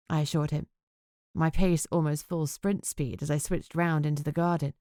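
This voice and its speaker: A woman's voice: sits low, fairly even intonation, moderate pace, warm tone, dry recording, clean studio sound. Woman reading an audiobook. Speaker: audiobook narrator. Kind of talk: first-person audiobook narration.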